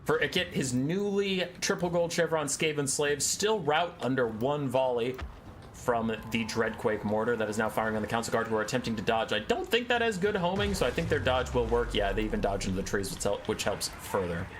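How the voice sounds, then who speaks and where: A man with a mid-range voice gives lively play-by-play commentary on a strategy battle. Faint noise sits under his voice. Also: mid-range voice, a little fast. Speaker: game commentator. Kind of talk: story narration and battle commentary.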